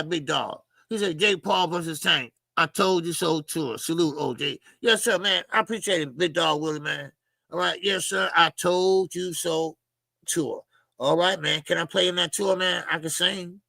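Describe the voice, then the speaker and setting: A man's voice: high-pitched, moderate pace, creaky, bright, forceful tone, no room sound, studio quality. A man hosting a casual boxing livestream, talking animatedly with swearing and greeting chat viewers by name. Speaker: boxing show host.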